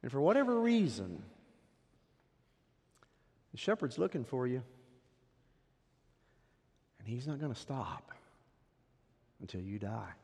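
A man preaching a sermon as a pastor, swinging from loud emphatic peaks down to hushed, quiet drops. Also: mid-range voice, sing-song, slow, creaky, long pauses, husky. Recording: long hall reverb.

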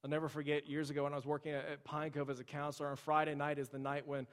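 Male pastor, 30s, conversational sermon delivery, slightly high voice, large reverberant church. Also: completely flat delivery, very fast. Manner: conversational, storytelling, addresses the congregation directly. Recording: long reverb of a large hall.

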